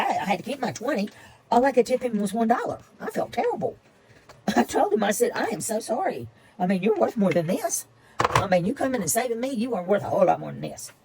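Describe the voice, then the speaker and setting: An older woman spins a chatty, meandering story at her craft table. Her voice sits low and carries a gravelly fry. A soft hiss runs under the recording. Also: poor audio. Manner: rambling, chatty, repeats herself. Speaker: paper-craft vlogger. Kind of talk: casual storytelling while crafting.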